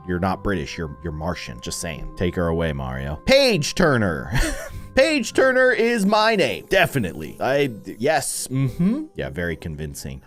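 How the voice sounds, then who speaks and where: Animated man joking through gameplay. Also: medium pitch. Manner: animated, joking, laughs often. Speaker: gaming video creator. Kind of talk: playful gameplay commentary.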